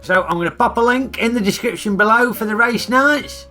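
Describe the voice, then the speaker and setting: A man's voice: very high-pitched, brisk, pushed and bright, soft background music. A middle-aged man with a Northern English accent giving blunt, grumbling film reviews in a comic character vlog.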